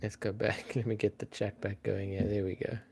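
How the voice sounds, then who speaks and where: A man's voice: lowish voice, level tone, moderate pace, vocal fry, darkish tone, a little hiss or hum. A man hosting a live-stream trivia game in a casual, chatty way, thinking aloud and greeting viewers by name.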